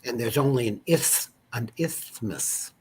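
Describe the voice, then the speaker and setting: Husky Boston man telling a story. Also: medium pitch, measured pace, darkish tone. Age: 50s. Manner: rambling, digressive history storytelling. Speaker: guest. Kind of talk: conversational storytelling.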